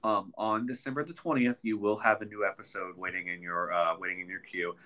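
A man's voice: deep voice, steady tone, brisk, pushed and bright. A man co-hosting a podcast in casual chat, congested and nasal from a sinus infection, rambling with many ums and restarts. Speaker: podcast co-host.

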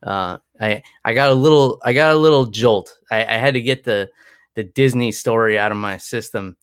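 Tired male podcast co-host, rambling and chatty, mid pitch, dry. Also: moderate pace, clean tone, no echo. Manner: rambling, chatty, many restarts. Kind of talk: casual chat.

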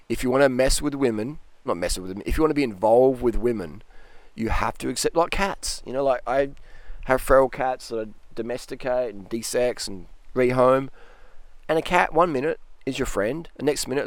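A man's voice: medium pitch, no room sound. A man giving blunt dating advice in a rambling casual monologue, often acting out quoted voices.

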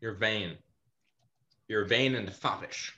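A man's voice: lowish voice, slow, pushed and bright. A man acting as game master in a casual tabletop session over a voice call, explaining things at length in an opinionated way. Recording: muffled call audio with faint noise.

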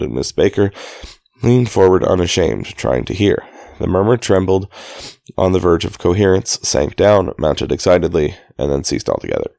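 Deep gravelly man reading a novel aloud. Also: darkish tone, dry recording. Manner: casual, stops to restart and correct himself. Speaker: reader. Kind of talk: amateur audiobook reading.

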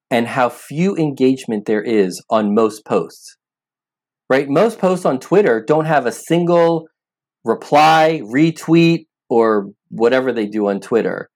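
A man's voice: medium pitch, darkish tone. Earnest man explaining with emphasis. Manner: earnest, emphatic, repeats words when starting sentences. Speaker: app founder, guest. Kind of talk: interview conversation.

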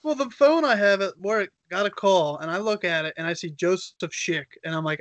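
A man's voice: high-pitched, moderate pace, a bit bright. A man co-hosting a casual podcast over a call, telling a work story in a wry, dry way. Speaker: podcast co-host. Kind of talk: casual chat.

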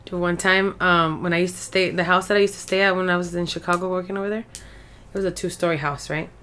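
A woman's voice: on the low side, fairly even intonation, fast, fairly bright tone. A woman co-hosting a podcast from Mexico, telling stories in casual chat and switching between English and Spanish with lots of swearing. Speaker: podcast co-host.

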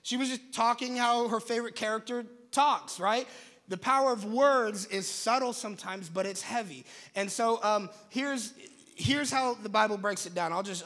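High-voiced young preacher in a hall. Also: male voice. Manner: animated, conversational preaching. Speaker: pastor. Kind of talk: sermon. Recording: long hall reverb.

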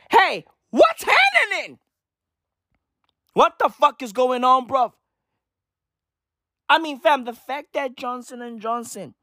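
A woman's voice: a little high, a bit bright, dry recording, studio quality. A woman delivering a brash, slangy, profane comedy rant that keeps circling back to the same phrases. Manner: brash, slangy, repetitive, swearing.

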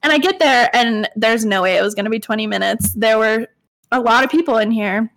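Young female co-host, chatty storyteller, slightly high voice, lots of fillers. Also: fairly quick. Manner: animated, quotes people with "I was like", frequent fillers. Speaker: podcast co-host. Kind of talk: casual storytelling chat.

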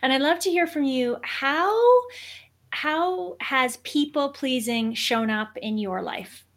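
A woman's voice: high voice, slow, a bit bright. A woman hosting a podcast interview, affirming her guest and asking open questions. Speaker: podcast host.

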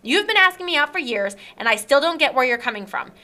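A woman's voice: high voice, animated, quick pace, pushed and bright. A young woman hosting a casual chat, telling an indignant story and acting out text messages.

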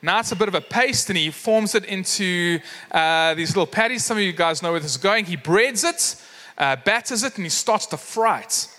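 A man's voice: high-pitched, animated, moderate pace, bright, forceful tone. A man preaching a sermon, telling a story with acted voices and lots of fillers. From South Africa. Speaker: pastor. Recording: long hall reverb.

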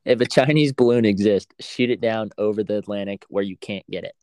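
A man's voice: on the low side, brisk, clean tone, dry recording, studio quality. A young man co-hosting a podcast, joking and chatting casually, often saying dude. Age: young adult. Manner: animated, joking, says dude a lot. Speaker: podcast co-host. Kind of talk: casual chat.

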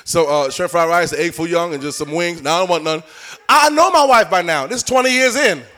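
A man's voice: high voice, fairly quick, sharp tone. A middle-aged man preaching a live sermon in church, joking with and coaxing the congregation.

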